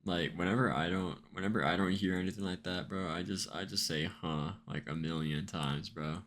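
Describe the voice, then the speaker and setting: A man chatting casually on a reaction stream, rambling in a relaxed way with lots of fillers. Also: low voice, moderate pace, slight background noise. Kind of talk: casual chat.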